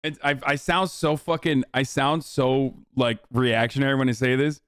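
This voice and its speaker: A man's voice: mid-range voice, fairly even intonation, normal speed, a bit bright, smooth, dry recording, studio quality. A man streaming live political commentary, rambling and emphatic, with heavy swearing.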